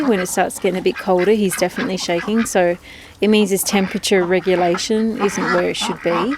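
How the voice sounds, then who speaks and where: A woman's voice: medium pitch, noisy background. A woman keeping ducks, talking to the camera outdoors in a rambling, chatty way and cooing at her birds in baby talk. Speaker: duck keeper. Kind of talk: casual vlog chat.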